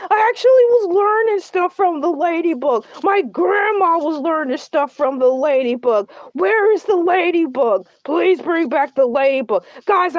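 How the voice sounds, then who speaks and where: A woman's voice: high-pitched, no room sound, highs cut off. A woman playing a boastful, needy male shark who hosts a comedic talk show, whiny and rambling. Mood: pleading. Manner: whiny, self-centered, rambling. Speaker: host. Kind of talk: comedic character livestream.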